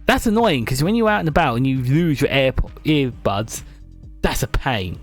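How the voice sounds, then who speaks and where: A man's voice: mid-range voice, lively intonation, moderate pace, soft background music. A British man streaming live, chatting and joking with his viewers as he ranks favourites on a tier list. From Britain. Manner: chatty, jokey, reads and answers chat.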